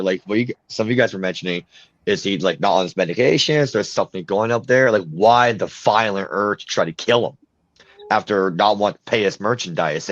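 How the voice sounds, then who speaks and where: A man's voice: fairly low pitch, no echo. A man hosting a podcast in casual chat, reading news items aloud and giving blunt opinions. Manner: blunt and opinionated, with a few fillers. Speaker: podcast host. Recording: dry, dull lo-fi sound.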